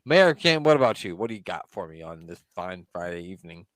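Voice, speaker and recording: A man's voice: sits low, very animated, brisk, no room sound. Casual swearing podcast co-host man. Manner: loose, swears freely, trails off mid-thought. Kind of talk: casual chat.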